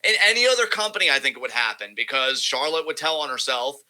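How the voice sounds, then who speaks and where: Bright-voiced man ranting on a podcast. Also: mid-range voice, expressive, fast talker, rough recording. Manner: profane, rambling, emphatic. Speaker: podcast co-host. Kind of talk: casual wrestling podcast chat.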